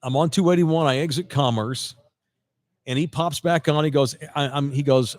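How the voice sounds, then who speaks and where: A man's voice: mid-range voice, fast talker, no echo. Man telling a story, dry studio sound. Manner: animated storyteller quoting others, frequent restarts. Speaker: podcast host. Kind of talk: casual storytelling chat.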